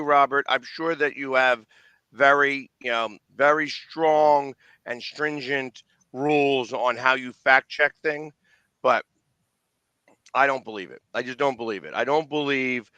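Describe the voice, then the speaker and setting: A Philadelphia-accented man holds forth in casual chat, blunt and opinionated, tripping over restarts. His voice is bright and forward, and the recording is dry with no room sound. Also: medium pitch, smooth, no room sound, poor audio. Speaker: sports show host.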